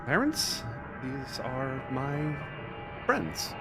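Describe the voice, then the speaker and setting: A man voicing a young daughter character in a high put-on voice, eager to introduce her parents. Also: very animated, drawn-out words, over loud music, full character voice.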